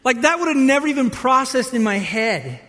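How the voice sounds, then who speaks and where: A pastor with a notably high voice preaches in a large hall whose long reverb trails after each phrase. He tells the story with lively, playful energy. He slips into the voices of the people in it. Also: normal speed. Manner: animated storytelling, acts out disciples' voices. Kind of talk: sermon.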